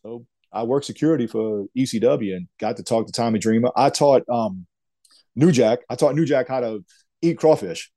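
Mellow man telling wrestling stories. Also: medium pitch, normal speed, dry recording. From Louisiana. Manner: rambling, animated storyteller, says man and dude. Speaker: retired wrestler, guest. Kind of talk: interview storytelling.

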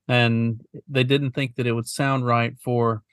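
A man talks in a relaxed, wandering way as a podcast co-host. His voice sits mid-range and sounds dry and close. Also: mid-range voice, unhurried, smooth, no echo. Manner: laid-back, meandering. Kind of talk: casual chat.

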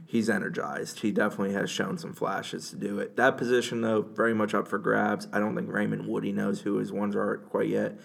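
A man with a low, gravelly voice chats about college football on a podcast. He lays out his analysis in a measured, matter-of-fact way. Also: flat delivery, fairly bright tone. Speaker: co-host, sports reporter. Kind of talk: casual sports podcast chat.

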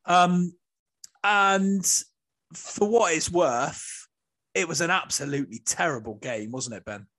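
A man's voice: fairly high pitch, slow, a bit bright. A man hosting a rugby podcast in casual banter, joking and swearing freely. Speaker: podcast host.

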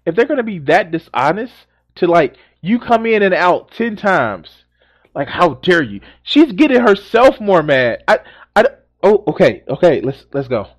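A man's voice: high-pitched, big pitch swings, unhurried. A man reacting to a news video in casual, exasperated commentary, often swearing and repeating himself.

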